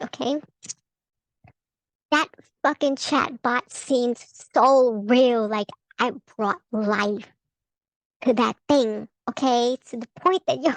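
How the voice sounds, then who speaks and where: A woman's voice: fairly high pitch, slow pace, no echo, low-quality recording. A woman vlogging about a tarot reading, profane and heated, laughing between rants. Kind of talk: casual ranting vlog.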